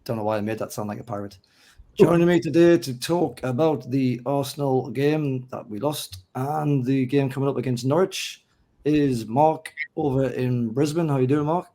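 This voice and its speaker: A hoarse man with a mixed North East English accent hosts a casual football podcast. His voice sits mellow and dark, with a rough throat. He chats in a self-mocking way and reads through lists steadily. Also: medium pitch, normal speed. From North East England. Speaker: podcast host.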